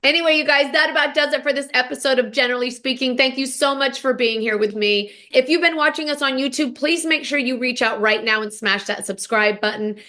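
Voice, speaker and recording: A woman's voice: high-pitched, brisk, few pauses, bright, forceful tone. A young woman hosting a podcast, recapping reality TV in a casual monologue and acting out quotes with dramatic emphasis. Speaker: podcast host.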